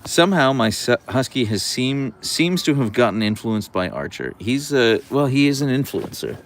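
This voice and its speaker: A man's voice: mid-range voice, very animated, moderate pace. A man hosting a casual livestream from an outdoor deck, chatting and answering viewer comments into a camera on a tripod. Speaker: livestream host.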